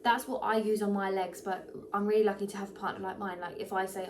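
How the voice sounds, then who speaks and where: A young pregnant woman, chatting casually to camera, animated and full of fillers, a little short of breath. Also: mid-range voice, fast, distant mic, background noise. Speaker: vlogger.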